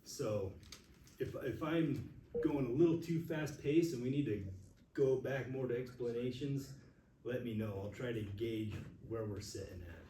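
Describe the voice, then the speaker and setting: A man's voice: mid-range voice, measured pace, background noise. A man, a nurse, teaching a first aid class to a room of people, sharing personal stories earnestly and openly admitting his emotions. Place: classroom with audience. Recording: echoey room recorded from far off.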